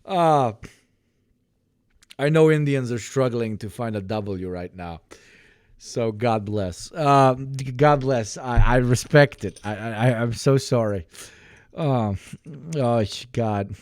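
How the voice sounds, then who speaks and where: A man's voice: medium pitch, slow pace, a little mellow, dry recording. A man streaming a casual reaction, joking and sarcastic, often laughing and restarting his sentences. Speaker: streamer reacting to online posts. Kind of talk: casual livestream reaction commentary.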